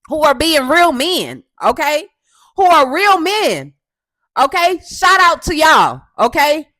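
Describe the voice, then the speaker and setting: A woman from Houston hosting a casual commentary show, loud and assertive, with a coarse voice, often tagging "okay?". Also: sits high, very animated, takes it slowly, no room sound. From Houston, Texas. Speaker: host.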